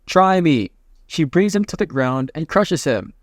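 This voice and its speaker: A man narrating a comic recap in a casual, jokey play-by-play with quick asides. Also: fairly high pitch, expressive, no echo, studio quality.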